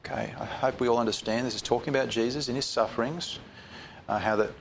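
A man leads a Bible study in a mid-range voice. He reads scripture slowly and with weight, then drops into relaxed, conversational explanation. A faint ambience hangs behind him. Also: mid-range voice, creaky, a little hiss or hum. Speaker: Bible teacher.

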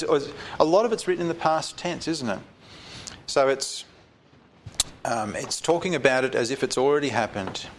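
A man leads a Bible study in a mid-range voice. He reads scripture slowly and with weight, then drops into relaxed, conversational explanation. A faint ambience hangs behind him. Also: mid-range voice, a little hiss or hum. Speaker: Bible teacher.

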